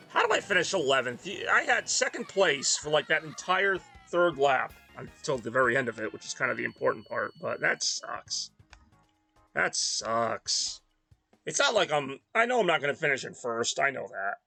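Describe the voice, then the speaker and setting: This is a tired man from the Northeast US, his mid-range voice gravelly and sharp-toned, rambling casually while he streams a racing game. He's self-deprecating and drops mumbly asides as he goes.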